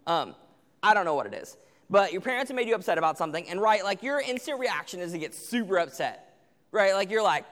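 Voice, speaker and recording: With a high, fairly bright, sing-song voice, a young man preaches to teens at a fairly quick clip. The sermon is conversational, and he acts out what parents and teenagers say, all echoing with long hall reverb.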